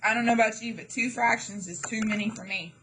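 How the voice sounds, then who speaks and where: A woman's voice: fairly high pitch, steady tone, quick pace, a bit bright, slight background noise, poor audio. A woman math teacher giving a classroom lesson, chatty and jokey, with dramatic asides to her students.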